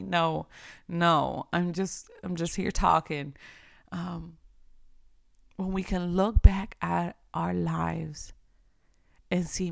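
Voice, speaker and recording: A woman's voice: fairly low pitch, fairly even intonation, takes it slowly, gravelly, no echo, clean studio sound. A woman giving a conversational devotional talk, earnest and repeating phrases for emphasis. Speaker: devotional speaker.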